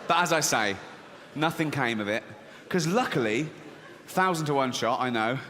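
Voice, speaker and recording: Man doing stand-up on a theatre stage: animated and profane, with a long reverb tail from the hall. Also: medium pitch, moderate pace, a little hiss or hum. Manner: animated, profane, acts out characters. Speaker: stand-up comedian. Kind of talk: stand-up comedy set. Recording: reverberant hall with faint ambience.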